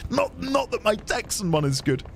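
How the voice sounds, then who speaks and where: A British man streaming a video game, chatting to viewers in an animated, self-mocking way. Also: high-pitched, measured pace, vocal fry, slight background noise. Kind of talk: gaming commentary.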